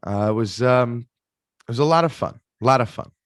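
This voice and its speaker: A man telling animated stories in a casual interview, acting out other people's voices, with frequent restarts. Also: medium pitch, a little fast, dry recording, studio quality. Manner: animated storyteller, acts out quoted voices, many restarts. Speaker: interview guest, performer.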